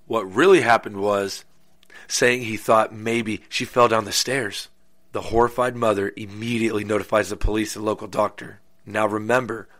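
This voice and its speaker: A man's voice: medium pitch, bright, forceful tone. A man casually telling a true crime story, with goofy, crude joking asides. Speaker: podcast host.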